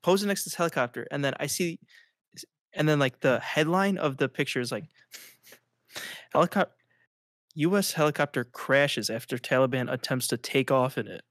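A man's voice: mid-range voice, moderate pace, long pauses, a bit bright, dry recording, clean studio sound. A man co-hosting a podcast in casual chat, rambling and filling nearly every phrase with "like". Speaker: podcast co-host.

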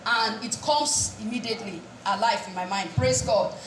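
In an echoey room with a distant mic and faint music, a woman preaches a sermon, questioning the congregation call-and-response style and repeating "praise God" between points. Her voice is medium-pitched at normal speed, against a noisy background.

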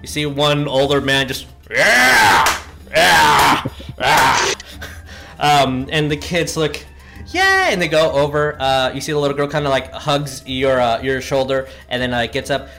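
A man running a tabletop game as game master, narrating in a halting way with many fillers and frequent laughs. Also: medium pitch, little pitch movement, music in the background.

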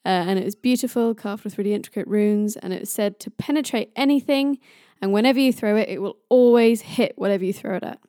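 A woman tells a myth in a chatty, playful manner and jokes about stumbling over hard names. Her voice is warm and mellow. It is recorded dry and close to the mic. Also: a little high, dry recording. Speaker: storyteller. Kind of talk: casual myth storytelling.

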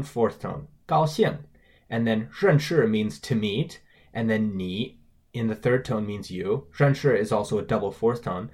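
A man co-hosting a scripted language-lesson podcast, carefully explaining pronunciation and tones. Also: fairly low pitch. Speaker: podcast co-host.

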